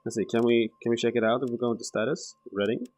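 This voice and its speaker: A man's voice: mid-range voice, steady tone, fast talker, darkish tone, soft background music. A man thinking aloud through casual gameplay commentary, rambling and swearing now and then. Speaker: let's play gamer.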